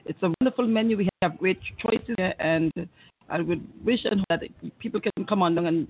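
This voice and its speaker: A woman's voice: fairly low pitch, slightly rough. A woman with an Anguillan accent, a restaurant manager guest, speaking hesitantly with many halts. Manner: hesitant, halting. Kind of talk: casual interview chat. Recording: tinny phone-like radio sound.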